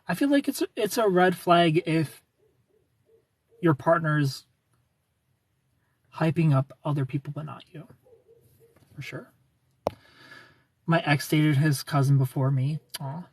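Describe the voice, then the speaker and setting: A young adult streamer with a husky, slightly breathy voice chats casually with viewers. The talk is loose and sarcastic, with frequent laughter, and the pitch sits in the middle. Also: takes it slowly, pauses often, a little mellow, no room sound. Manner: chatty and sarcastic, laughs often, answers viewers by name. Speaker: livestreamer reading chat. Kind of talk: casual livestream chat.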